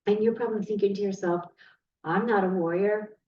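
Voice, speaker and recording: This woman reads tarot straight to camera in a slightly mellow, mid-range voice, fairly quick and steady in tone. Her manner is earnest and emotional. Captured from a distance in a roomy space, the audio sounds dull with a little background noise.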